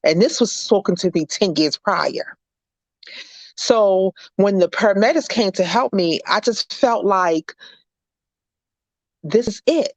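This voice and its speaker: A woman, a guest on an interview show, recounting a personal ordeal in earnest, halting, faith-filled words. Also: medium pitch, dry recording. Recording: dry, dull lo-fi recording.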